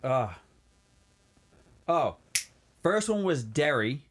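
A man's voice: fairly high pitch, extremely slow. A man co-hosting a podcast, casually retelling movie scenes. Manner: relaxed storytelling, quotes scenes. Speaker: podcast co-host. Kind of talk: casual movie recap chat.

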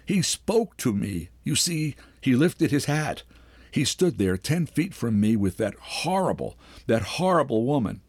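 A man's voice: medium pitch, a little mellow, slightly rough, no room sound, pitched above the performer's own voice. A man playing a distraught young Southern belle. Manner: broken, plaintive.

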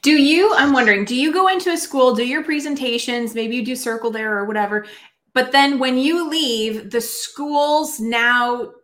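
A woman's voice: high-pitched, moderate pace, a bit bright. A woman hosting a podcast, asking searching questions of her guest. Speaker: podcast host. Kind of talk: interview questions.

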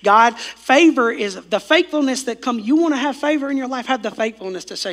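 A man preaching a sermon, his voice worn from preaching, swinging between loud calls and hushed passages. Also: extremely high pitch, lively intonation, brisk, hardly any pauses. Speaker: pastor.

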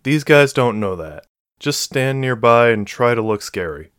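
A man reading the part of a tough young woman mech pilot with cybernetic legs, brisk and commanding, in an audiobook. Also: medium pitch, animated, fairly bright tone, smooth, no echo.

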